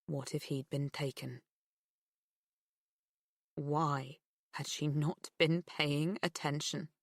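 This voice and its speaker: A woman narrating an audiobook thriller in a measured, expressive reading. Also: sits low, dry recording, studio quality. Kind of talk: scripted narration.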